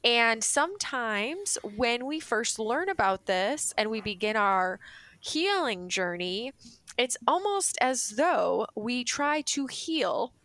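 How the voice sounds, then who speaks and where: A woman with a fairly high voice hosts an interview podcast. She reflects on her guest's story in an easy, explanatory way. Her voice is recorded dry and close, with no room sound. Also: lively intonation, takes it slowly, a bit bright, dry recording. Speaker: podcast host. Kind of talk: conversational interview.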